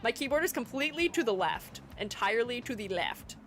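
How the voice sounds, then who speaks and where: Lively high-voiced woman streamer. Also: a little fast, faint music behind. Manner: chatty, giggly, reads chat aloud and answers it. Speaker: streamer and artist. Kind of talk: casual live-stream chat while gaming.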